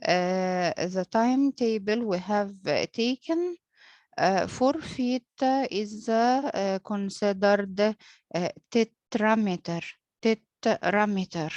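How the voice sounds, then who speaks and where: Woman teacher, Arabic first language, very slow lecture with many pauses and fillers, dry sound. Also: mid-range voice, darkish tone, no echo, highs cut off. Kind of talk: lecture on poetic meter.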